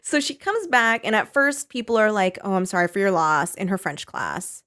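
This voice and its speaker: Animated woman gushing about a book. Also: medium pitch, moderate pace. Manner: animated, laughs often, acts out quotes. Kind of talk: casual book discussion.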